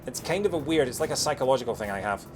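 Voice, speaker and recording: A man with a Scottish accent softened by years in England, chatting quickly while streaming a game, with lots of fillers and restarts. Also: mid-range voice, lively intonation, over music. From Scotland. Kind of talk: casual chat while playing a game.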